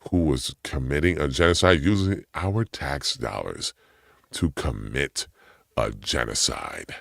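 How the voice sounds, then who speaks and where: Gravelly deep-voiced man ranting. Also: lively intonation, measured pace, no room sound, studio quality. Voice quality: gravelly low voice. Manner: heated and profane, voice swings up when indignant. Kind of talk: impassioned personal rant.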